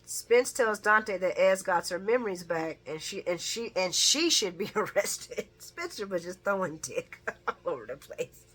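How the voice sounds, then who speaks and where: Bright-voiced, sassy woman recapping a soap. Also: medium pitch, lively intonation, unhurried, slightly rough. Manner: chatty and sassy, breaks into laughter; talks back to the characters with slangy asides. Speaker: soap opera recap vlogger. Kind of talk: casual spoken recap.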